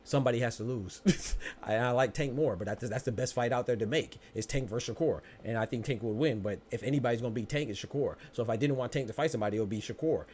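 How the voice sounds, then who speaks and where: A male podcast host from the United States talks quickly, with a mid-range voice. He argues back at his live chat in a combative way, stammering and restarting. He keeps circling back to the same points. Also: mid-range voice, a little mellow, a little hiss or hum. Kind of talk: live-stream podcast talk, answering chat.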